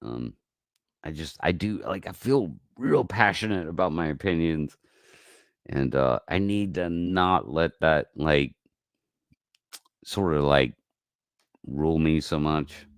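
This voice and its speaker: A man with a very deep voice rambles and swears through a casual livestream, his pitch leaping around as he talks. He drawls slowly, going from low mumbles to sudden loud outbursts. The sound is dry and close, with no room around it. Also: lively intonation, no echo. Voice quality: profane, rambling. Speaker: livestream host.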